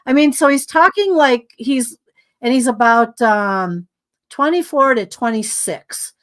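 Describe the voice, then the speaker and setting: Animated woman telling a story. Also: a little high, unhurried. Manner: animated storyteller, acting out dialogue with frequent fillers. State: tired. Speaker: podcast guest. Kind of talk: storytelling in casual conversation.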